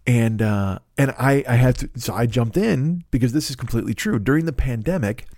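A man's voice: mid-range voice, fairly quick, dark tone, no room sound, studio quality. A man in his fifties hosting a solo podcast, telling rambling, profane, self-mocking comic stories in casual chat. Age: 50s. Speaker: podcast host.

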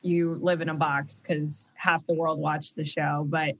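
A woman's voice: sits low, level tone, a little slow, a bit bright, low-quality recording. A young adult woman co-hosting a podcast, chatting casually and gushing at her friends. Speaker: podcast co-host. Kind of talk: casual chat.

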